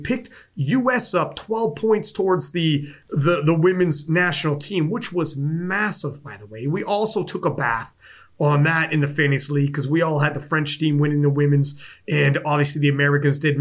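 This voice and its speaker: A man's voice: a little high, normal speed. A man co-hosting a casual sports podcast, telling stories with lots of swearing and acted-out quotes. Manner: animated storytelling with profanity and voiced quotes. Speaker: podcast co-host.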